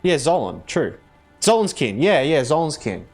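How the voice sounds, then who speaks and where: A man's voice: on the high side, big pitch swings, normal speed. Rambling man chatting over game music. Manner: rambling, filler-heavy, self-correcting. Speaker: game streamer. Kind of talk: casual live-stream chat while playing.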